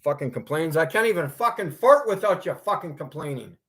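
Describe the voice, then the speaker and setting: A man's voice: fairly high pitch, lively intonation, a little fast, fairly bright tone, slightly rough. A man ranting to his viewers in an angry, profane monologue, lecturing them and breaking into laughter at himself. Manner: lecturing, repeats commands. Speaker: vlogger.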